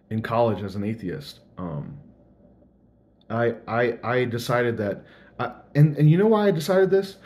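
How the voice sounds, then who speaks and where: A man's voice: mid-range voice, a little mellow. A young man thinking aloud in a casual, earnest vlog monologue.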